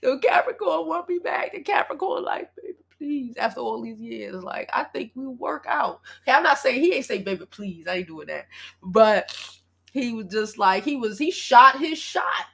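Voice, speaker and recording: A woman in her thirties from Brooklyn hosts a livestream and chats with viewers. Her voice is gravelly and husky, with a rough, breathy edge. She talks in a blunt, profane and animated way. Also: fairly high pitch, normal speed. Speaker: livestream host. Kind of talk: casual livestream chat.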